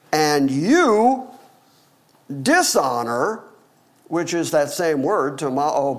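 Slow, animated male preacher. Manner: preaching with dramatic pitch swings, dropping low for emphasis. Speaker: pastor. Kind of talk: sermon.

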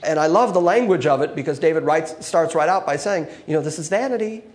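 A man teaching a Bible passage as a sermon, expressive, swinging between loud emphasis and hushed asides. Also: fairly high pitch, brisk.

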